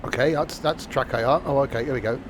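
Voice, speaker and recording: A man's voice: medium pitch, quick pace, noisy background. A man streaming a train simulator, talking in casual, rambling commentary full of fillers and self-mocking asides, from a home setup.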